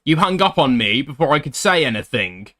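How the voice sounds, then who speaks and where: A man's voice: mid-range voice, big pitch swings, brisk, sharp tone. A man doing commentary as a YouTuber, reading screenshots aloud with blunt, sarcastic asides.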